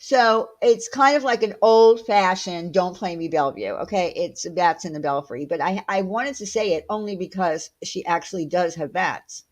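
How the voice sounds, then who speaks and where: A woman's voice: lowish voice, moderate pace, hardly any pauses. A woman hosting a casual livestream, chatting with viewers and answering their comments in a blunt, chatty way full of fillers and the odd swear word. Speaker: livestream host.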